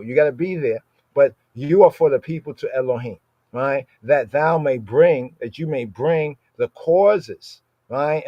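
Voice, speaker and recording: A man's voice: medium pitch, darkish tone, no echo, dull audio. Man teaching scripture, asking "right?". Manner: conversational, keeps asking "right?"; repeats and defines Hebrew words. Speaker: Bible teacher. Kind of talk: Torah study talk.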